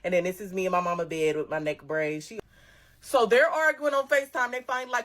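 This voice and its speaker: A young woman telling a casual storytime, animated and slangy, laughing as she goes. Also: mid-range voice, fast talker. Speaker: storytime vlogger.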